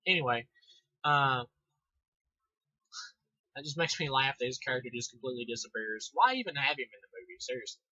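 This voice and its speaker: A man's voice: medium pitch, expressive, normal speed, long pauses, bright, forceful tone, no echo. A young man giving a rambling, sarcastic, profane casual movie review on a dull lo-fi recording.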